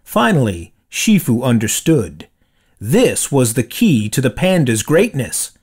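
A man reading a children's storybook aloud with expressive, dramatic storytelling. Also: medium pitch, unhurried, breathy edge. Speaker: storybook reader. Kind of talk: read-aloud storybook narration.

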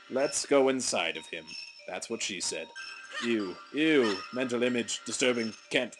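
Brief: young male let's-play host, goofy and rambling, lively swooping pitch, game music under the voice. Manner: goofy, rambling, self-mocking. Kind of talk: gameplay commentary. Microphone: desk mic at a computer.

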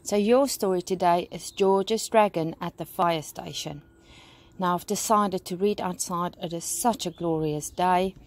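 Teacher lady reading a kids' story outside, slow and gentle. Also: on the low side. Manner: slow, warm storytelling to children. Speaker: primary school teacher. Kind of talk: bedtime story read-aloud. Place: outdoors.

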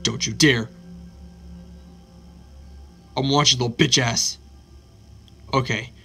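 A man hosting a let's play of a horror game, excitable and swearing constantly, yelping at scares. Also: mid-range voice, takes it slowly, gravelly, husky, soft background music. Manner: excitable, swears constantly, yelps when startled. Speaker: gaming channel host.

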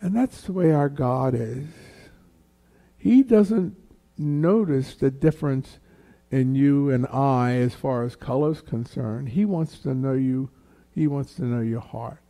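A man telling a personal faith story before a church gathering, his voice deeply mellow and warm-toned. He takes his time, speaking slowly and letting the story unfold. He lifts his voice when he acts out what others said. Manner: slow, unhurried storytelling that raises the pitch for quoted voices.

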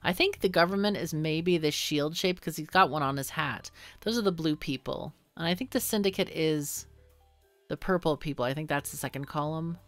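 A woman's voice: low voice, moderate pace, no echo, soft background music. A woman hosting a let's play, chatting and thinking aloud while she plays, with frequent laughs. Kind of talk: gameplay commentary.

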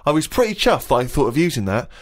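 A man's voice: mid-range voice, sing-song, quick pace. A man hosting a radio chat show, reading out diary entries in a dry, mock-serious way and laughing often. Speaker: radio host.

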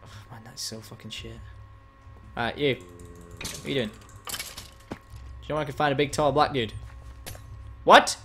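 A man's voice: mid-range voice, normal speed, long pauses, a bit bright, a little hiss or hum. A young man hosting a gaming channel, chatting casually and teasingly while he plays, now and then frustrated. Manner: playful, teasing, swings between chatty and frustrated. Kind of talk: casual gameplay commentary.

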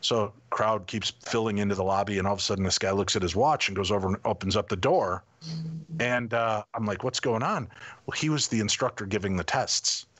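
A middle-aged man telling stories as a guest in a casual interview, animated and acting out the people in them. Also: lowish voice, a little fast.

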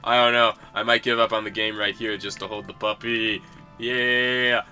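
A man's voice: fairly low pitch, flat delivery, a little fast, pushed and bright, soft background music. A young man casually commenting on a video game in a playful, rambling way. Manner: playful, rambling, chuckling asides. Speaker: let's-play gamer.

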